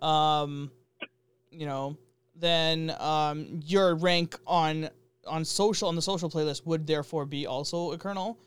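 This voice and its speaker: High, smooth-voiced man chatting about games. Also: steady tone, measured pace, no echo. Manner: jokey, laughs often, rambling with many fillers. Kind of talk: casual gaming chat.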